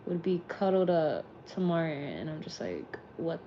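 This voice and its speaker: A woman with a slightly low voice talks in a loose, rambling way, swearing freely as she chats through a late-night vlog. She is recorded inside a car, and the audio is a bit muffled and lo-fi. A faint hum of car noise runs underneath her voice. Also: sing-song, moderate pace. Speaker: streamer and vlog host. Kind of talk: casual late-night chat.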